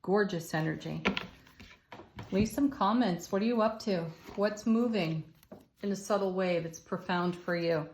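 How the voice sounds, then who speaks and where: A woman giving an intuitive tarot card reading to her viewers, soothing and encouraging, with soft laughs. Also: medium pitch, unhurried, a little hiss or hum. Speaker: tarot reader.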